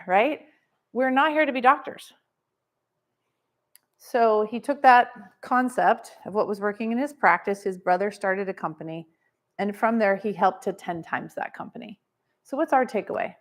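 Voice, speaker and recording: A woman teaching a live seminar to an audience, energetic and coaching, full of rhetorical questions. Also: mid-range voice, moderate pace. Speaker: wellness business trainer.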